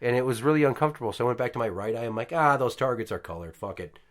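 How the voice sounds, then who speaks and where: Racing through a casual story at home, a man in his thirties who hosts a podcast swears freely and performs the quotes with animation. His voice is mid-range.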